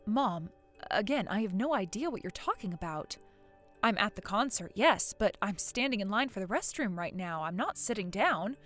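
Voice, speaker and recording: A woman voicing a calm, put-upon daughter-in-law in a voiced story drama, patient but exasperated. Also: medium pitch, normal speed, faint music behind. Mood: puzzled.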